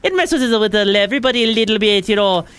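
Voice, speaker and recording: A woman's voice: mid-range voice, expressive, quick pace, a bit bright, smooth, natural voice. A woman putting on a cheeky, taunting mock-Irish voice while playing a game. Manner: taunting, singsong, says "wee bit" a lot. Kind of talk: joking put-on voice while gaming.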